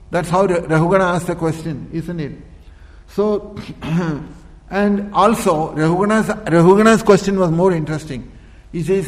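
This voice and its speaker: A man's voice: fairly high pitch, normal speed. Man teaching in an echoey hall. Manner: repetitive, with rhetorical questions; frequent throat clearing. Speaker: spiritual teacher. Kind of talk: spiritual discourse. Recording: echoey hall with long reverb.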